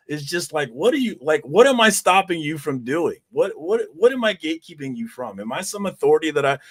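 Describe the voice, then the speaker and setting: A man hosting a casual group chat, ranting with heavy swearing. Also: a little high. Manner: profane, ranting.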